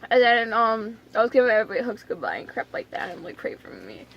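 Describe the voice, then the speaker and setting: A young woman vlogging to camera, telling a story in a rambling, chatty way full of fillers and restarts, and often dropping to a soft near-whisper. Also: on the high side, huge pitch swings, fast talker, highs cut off, slight background noise.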